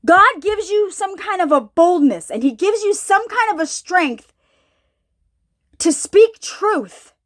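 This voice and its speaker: A woman's voice: extremely high pitch, animated, slow pace. A woman preaching an informal sermon, thinking aloud, often repeating herself and asking her listeners questions. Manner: searching, repeats herself, asks the audience questions.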